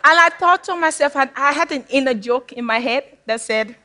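A woman's voice: sits high, moderate pace, bright, forceful tone. A woman from Sierra Leone giving a personal talk to an audience, speaking candidly and with humor, often laughing. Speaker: public speaker.

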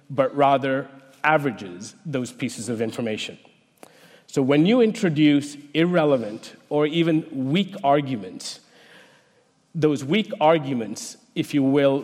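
A man, a researcher, giving a prepared talk in a measured, explanatory way. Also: mid-range voice, darkish tone. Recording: long hall reverb.

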